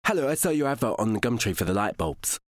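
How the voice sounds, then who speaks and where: A man's voice: mid-range voice, very animated, quick pace, dry recording, studio quality, voice pushed down, close to an everyday voice. A man doing a prim, fussy British caller.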